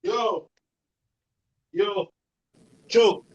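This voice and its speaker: A man's voice: high-pitched, extremely slow, slightly rough, lo-fi sound. A man on a live panel, debating in a heated, casual way, profane and repeating himself.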